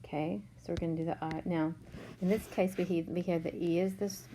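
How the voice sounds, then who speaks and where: A woman's voice: fairly low pitch, fairly even intonation, fairly quick, mellow, slight background noise, low-quality recording. Patient teacher woman sounding out letters. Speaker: third grade teacher. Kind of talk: remote spelling lesson.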